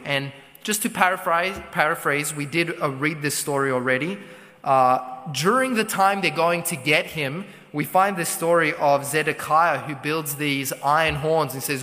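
A man's voice: fairly high pitch, moderate pace, sharp tone. A man preaching a Bible teaching sermon, retelling the story conversationally, paraphrasing and asking rhetorical questions. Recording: long hall reverb.

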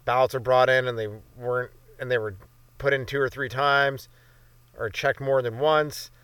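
A man's voice: mid-range voice, fairly even intonation, normal speed, a bit bright, smooth, no room sound. Profane Canadian man riffing solo. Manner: profane, jumps between bits and silly voices. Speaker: podcast host. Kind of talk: rambling solo comedy monologue.

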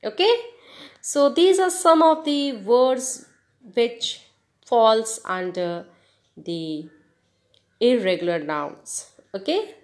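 A woman with a fairly high, animated voice hosts an English lesson podcast, speaking slowly and pausing often. She spells words out letter by letter as she walks through grammar and encourages her listeners.

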